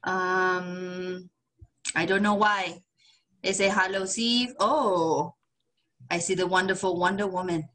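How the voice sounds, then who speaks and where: A woman's voice: on the low side, fairly even intonation, slow, a bit bright. A woman putting on a prim 1950s lady. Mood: genteel. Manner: old-fashioned genteel phrasing. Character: prim 1950s-style lady, genteel and ladylike. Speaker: podcast co-host. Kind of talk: casual chat in a put-on voice.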